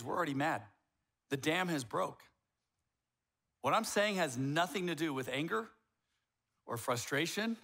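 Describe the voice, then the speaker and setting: A man's voice: on the high side, bright, forceful tone. A man in his fifties preaching a sermon as a pastor, blunt and emphatic, with wry jokes.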